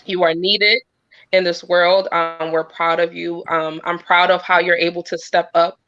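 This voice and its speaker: A woman on a video call giving a sincere, encouraging talk, earnest and pausing with frequent ums. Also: on the low side, little pitch movement, a bit bright, no echo. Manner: earnest, many pauses and filler ums. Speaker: guest speaker. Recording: dull, dry lo-fi sound.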